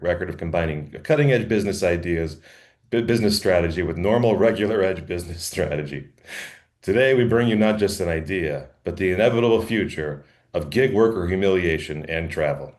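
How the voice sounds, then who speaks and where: A man's voice: deep voice, expressive, fairly quick, a little mellow. A man co-hosting a comedy podcast, reading a draft email aloud in casual chat and laughing often between lines. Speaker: podcast co-host.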